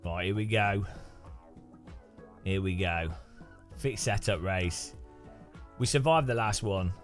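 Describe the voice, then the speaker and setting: Taking it slowly in a fairly low voice, a British man streams a racing game with music playing beneath. His casual commentary is full of jokes and teasing for his viewers.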